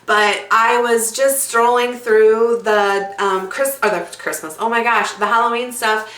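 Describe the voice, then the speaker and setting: A woman's voice: on the high side, steady tone, unhurried, a bit bright. A woman hosting a casual craft tutorial, chatty and bubbly, with lots of fillers and asides. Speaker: craft video host. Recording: echoey room, mic at a distance.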